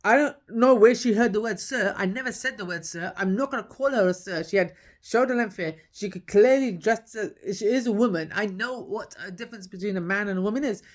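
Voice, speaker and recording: A woman's voice: medium pitch, brisk, hardly any pauses. A woman, telling her own story in a casual podcast monologue. She talks emphatically, repeats her key points, and acts out the dialogue.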